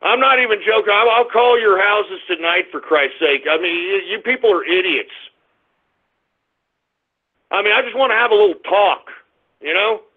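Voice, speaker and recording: A man hosting a call-in internet radio show, ranting in a brash, confrontational way with drawn-out taunts. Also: sits high, animated. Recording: tinny phone-like audio.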